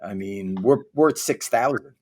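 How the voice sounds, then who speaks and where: A man's voice: mid-range voice, moderate pace. A man co-hosting a trading show, talking markets in a candid, rambling way with many fillers and some teasing. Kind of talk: casual market chat.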